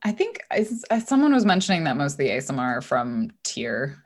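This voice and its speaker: A woman's voice: low-pitched, sing-song, a little fast, husky. A woman playing a tabletop game who talks eagerly and thinks aloud about her character. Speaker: player. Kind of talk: casual tabletop chat.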